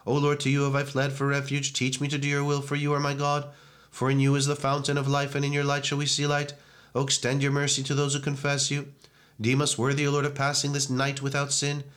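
A man reciting liturgical prayers in a brisk, steady monotone. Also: medium pitch. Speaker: reader of prayers. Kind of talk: liturgical reading.

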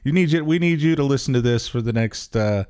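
A man's voice: mid-range voice, lively intonation, a little fast, noisy background. A man co-hosting a podcast in casual chat, rambling and hesitant with many restarts, laughing easily. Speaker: podcast co-host.

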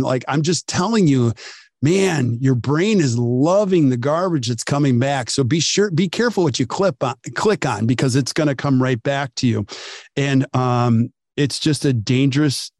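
A man's voice: a little high, no room sound, clean studio sound. A man in his forties hosting a podcast interview, telling stories and acting out what people said. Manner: animated storyteller, acts out quotes. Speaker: podcast host.

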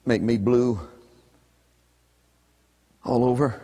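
Male preacher, fervent rhythmic pleading, hushed to shouted, recorded in a reverberant hall. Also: medium pitch, steady tone, drawn-out words. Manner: impassioned pleading prayer, swinging from hushed to shouted; repetitive, rhythmic calls. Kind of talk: sermon. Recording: echoey hall with long reverb.

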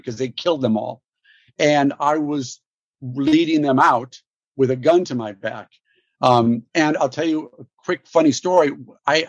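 A man, a guest actor, telling stories in an interview, animated and laughing, with many restarts. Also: mid-range voice, no echo, muffled recording. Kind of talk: storytelling interview.

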